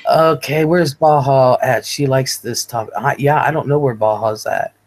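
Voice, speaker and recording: A woman's voice: rumbling low, steady tone, moderate pace, slight background noise. A woman in her forties from Ohio hosting a casual livestream, chatting and reading viewer comments aloud. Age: 40s. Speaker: livestream host. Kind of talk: casual chat, reading out live chat.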